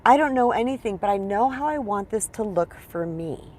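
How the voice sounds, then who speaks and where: A woman's voice: mid-range voice, expressive, moderate pace, darkish tone. A woman speaking as a spiritual coach in a casual teaching monologue, chatty and emphatic, often checking in with her listeners.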